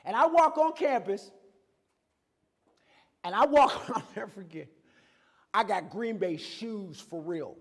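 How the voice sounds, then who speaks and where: A man giving a lively, conversational motivational talk about his own life, acting out bits of dialogue as he goes. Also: high-pitched, slow pace, pauses often, in a large hall. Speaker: guest speaker. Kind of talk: motivational personal storytelling talk. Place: campus event hall.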